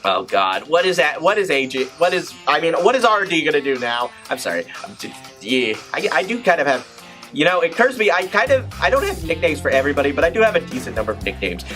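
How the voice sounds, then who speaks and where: Rambling, lively-voiced reaction host. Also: medium pitch, fairly quick, faint music behind. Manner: rambling and chatty, many restarts and asides. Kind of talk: casual commentary over a film.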